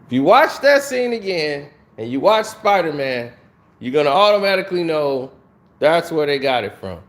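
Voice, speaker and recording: A man giving a casual, animated spoiler review of a film, talking to his viewers. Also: a little high. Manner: animated, conversational, drawn-out delivery.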